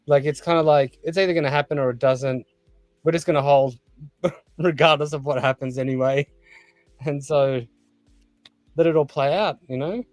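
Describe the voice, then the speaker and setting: A man, co-hosting a podcast, talking in a relaxed, slangy way. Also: fairly high pitch, normal speed, long pauses, no room sound, faint music behind. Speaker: podcast co-host. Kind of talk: casual chat.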